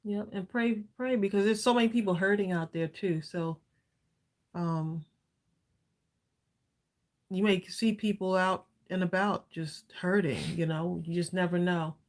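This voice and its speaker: A woman's voice: fairly low pitch, steady tone, measured pace, long pauses, darkish tone. A middle-aged woman co-hosting a live craft stream, chatting casually and upbeat while she demonstrates, laughing often.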